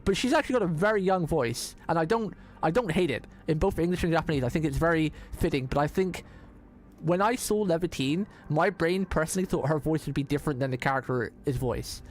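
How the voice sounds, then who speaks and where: A vtuber streamer with a voice on the high side chats casually and quickly while playing a game, rambling and often repeating words or restarting sentences. There's slight background noise.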